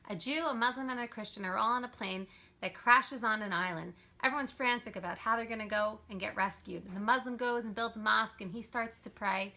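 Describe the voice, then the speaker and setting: A woman telling a joke in a quick, breezy manner. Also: fairly high pitch, sharp tone.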